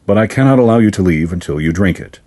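A man voicing a courteous, sinister male fairy lord in a storybook reading, formal and measured. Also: sits low, lively intonation, dark tone. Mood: courteous menace. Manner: formal, measured, silkily polite.

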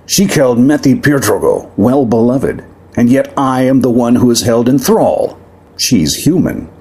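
A man's voice: mid-range voice, big pitch swings, a little slow, darkish tone, husky, voice pushed up, exaggerated voice. Man voicing a roaring, haughty demon prince. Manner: sneering, roaring. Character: proud furious male demon prince.

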